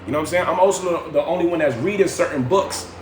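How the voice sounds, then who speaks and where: A man's voice: a little high, fast, reverberant, slight background noise. A man hosting a livestream from home, giving a slangy, preachy motivational talk that repeats phrases for effect. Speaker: livestream host.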